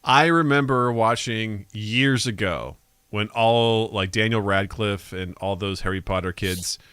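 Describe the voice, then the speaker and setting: Bright-voiced man telling a podcast story. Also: lowish voice, measured pace, smooth, no room sound. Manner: storytelling with acted-out quotes, swearing freely. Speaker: podcast co-host. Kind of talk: casual chat.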